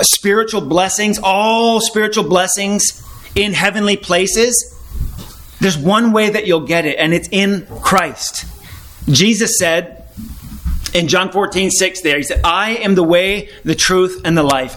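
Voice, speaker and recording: A man with a notably high voice preaches in an earnest, informal way. He keeps returning to his main point and puts rhetorical questions to his listeners. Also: fairly bright tone, slight background noise. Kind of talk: informal Bible teaching.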